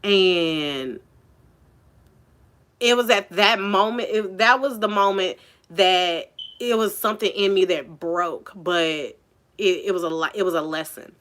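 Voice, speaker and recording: Woman vlogger spilling a story, lowish voice but bright and punchy, lots of likes, swears casually. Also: unhurried. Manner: chatty, many "like" and "you know" fillers. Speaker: vlogger telling a personal story.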